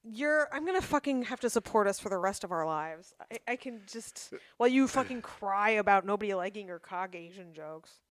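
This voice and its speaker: A woman's voice: mid-range voice, lively intonation, a little fast, dry recording. A woman co-hosting a comedy podcast, teasing her partner bluntly and swearing freely. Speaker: podcast co-host. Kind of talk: casual comedy podcast banter.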